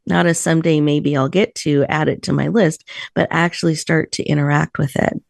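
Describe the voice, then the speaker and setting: Host type: woman guiding meditation, slow and soothing, slight vocal fry, dry close sound. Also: low voice, steady tone, no room sound. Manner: soft, slow, soothing guidance. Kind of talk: guided breathing meditation. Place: virtual room, video call. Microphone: video call.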